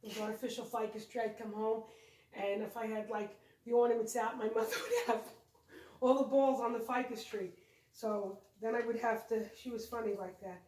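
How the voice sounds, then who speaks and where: A woman's voice: fairly high pitch, steady tone, moderate pace, darkish tone, a little hiss or hum. A woman chatting casually and rambling a bit while showing holiday decorations in her home vlog. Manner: rambling, chatty, self-correcting. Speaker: co-host of home decorating channel. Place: home room with decorated tree. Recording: echoey room, mic at a distance.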